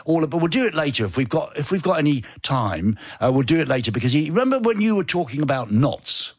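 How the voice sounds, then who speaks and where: A man's voice: a little high, sing-song, quick pace, breathy edge, no echo, studio quality. A male radio host, chatting and teasing his co-host on a live show. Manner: playful, teasing, sing-song jokes. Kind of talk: casual live radio banter.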